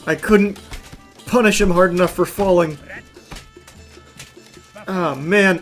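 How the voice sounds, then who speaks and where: Really high-pitched streamer guy, slow drawly talk, yelling and cussing at his game. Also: faint music behind. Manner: excitable, shouting outbursts at the game; profane, self-mocking asides. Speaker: gaming streamer. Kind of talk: live gaming commentary.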